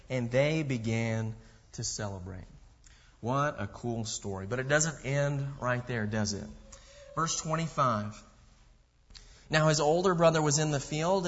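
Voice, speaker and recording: A man preaching a sermon, reading scripture aloud and explaining it with rhetorical questions. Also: mid-range voice. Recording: muffled voice with long hall reverb.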